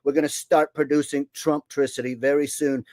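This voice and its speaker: A man's voice: fairly high pitch, flat delivery, normal speed, darkish tone, dry recording, close to an everyday voice. Man doing a bragging bluster-president impression. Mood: domineering. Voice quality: repetitive, bragging, bullying cadence. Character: boastful blustering male president, older.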